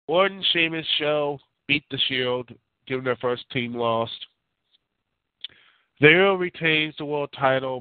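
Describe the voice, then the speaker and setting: The host of a casual call-in podcast speaks at a medium pitch over a tinny phone connection, with no room sound. He rambles, pushes his opinions, and keeps restarting his sentences around plenty of filler words.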